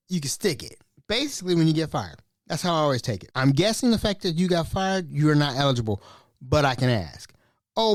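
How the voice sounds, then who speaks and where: A podcast host tells a workplace story in a casual monologue, lively and animated, acting out quotes with big pitch jumps. The audio is studio quality with no room sound.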